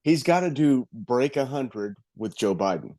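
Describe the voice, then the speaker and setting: A man's voice: mid-range voice, animated, measured pace, warm tone, no echo. A man co-hosting a casual sports show stream, tossing out dry wisecracks.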